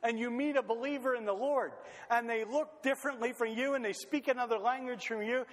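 A man's voice: very high voice, fairly even intonation, brisk. A man preaching a conversational sermon with joking asides, in a church hall. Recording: long hall reverb.

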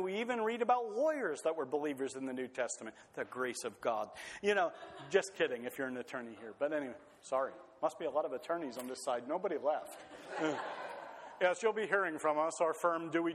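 Guy preaching a sermon, casual with little jokes, high-ish voice, long echo off the hall. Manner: conversational, joking asides.

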